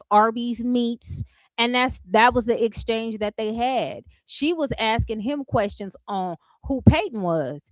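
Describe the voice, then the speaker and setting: Woman host, high voice, sassy and animated commentary, dry close sound. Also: no echo. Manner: sassy, animated, laughs often, mimics others in quotes. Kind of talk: casual reaction commentary.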